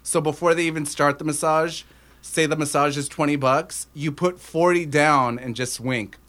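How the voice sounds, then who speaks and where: A man's voice: fairly high pitch, steady tone, moderate pace, fairly bright tone. A man co-hosting a casual podcast, cracking crude jokes and laughing a lot. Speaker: podcast co-host. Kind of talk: casual chat.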